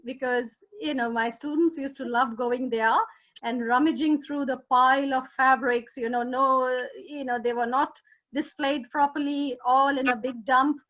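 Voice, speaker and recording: High-voiced woman host, dull lo-fi sound. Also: a bit bright. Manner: encouraging, frequent affirmations. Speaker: interview host, fashion teacher. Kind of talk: interview chat.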